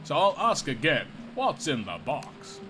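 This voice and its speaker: A man voicing a suspicious, gruff male city guard in a video game, drawling as he interrogates. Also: fairly high pitch, huge pitch swings, a little slow, background noise.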